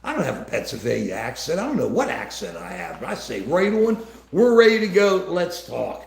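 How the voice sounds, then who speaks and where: A man's voice: on the high side, huge pitch swings, brisk, gravelly. A man co-hosting a casual political livestream, talking in a rambling way with many restarts. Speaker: livestream co-host. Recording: echoey room.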